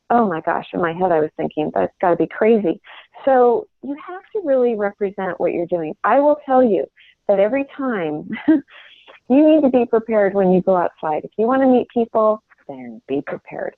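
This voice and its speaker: Speaking at a medium pitch, this middle-aged sales trainer coaches from home in an earnest, rambling way and frequently starts her sentences over. It's a dry recording with the thin quality of a phone line.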